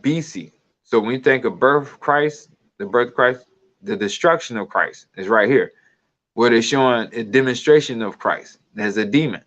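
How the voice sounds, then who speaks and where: A man's voice: mid-range voice, fairly bright tone. A man giving a loose, digressive commentary, laughing now and then as he talks. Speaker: video commentator. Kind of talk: casual rambling commentary. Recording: dull lo-fi sound.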